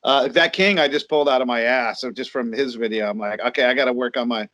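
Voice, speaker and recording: A man in a relaxed interview, spinning stories about his music and acting out who said what. His pitch sits right in the middle for a man, neither deep nor high. He drops casual swears as he talks. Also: quick pace, dry recording. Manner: storytelling, acts out quoted exchanges, swears casually. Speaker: guest, metal singer.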